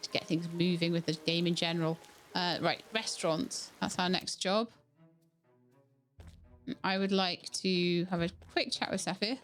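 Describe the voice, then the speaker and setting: A woman's voice: fairly low pitch, steady tone, unhurried, faint music behind. A woman casually commenting as she plays a farming game, chatty and thinking aloud as she goes. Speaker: game streamer. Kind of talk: casual let's-play commentary.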